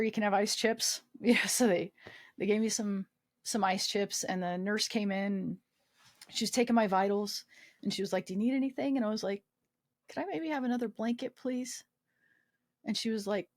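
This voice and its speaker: A woman's voice: mid-range voice, moderate pace, dry recording, clean studio sound. A woman guest recounting a personal story in a casual interview, acting out the quoted dialogue and swearing freely. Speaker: guest, army veteran.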